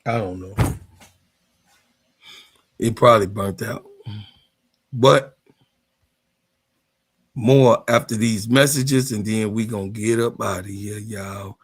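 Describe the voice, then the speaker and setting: A man in his fifties vents about the sport to his viewers in a heated, casual rant. His voice is gravelly and a touch husky, with a bright, sharp edge and a somewhat high pitch. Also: slow pace, pauses often. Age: 50s. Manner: animated, heated, laughing, swearing freely. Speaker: sports vlogger. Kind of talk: casual ranting commentary.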